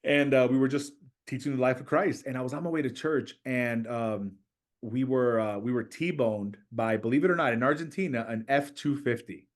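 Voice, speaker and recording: Animated storytelling man, church planter. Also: normal speed. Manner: animated, acts out quoted voices with raised pitch. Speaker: church planter, podcast guest. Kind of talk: storytelling in conversation.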